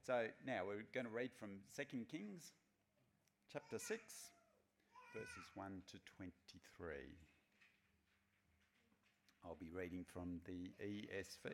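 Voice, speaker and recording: A man reading scripture aloud as a pastor, measured and deliberate, lifting his voice on the spoken lines. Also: lowish voice, lively intonation, slight background noise.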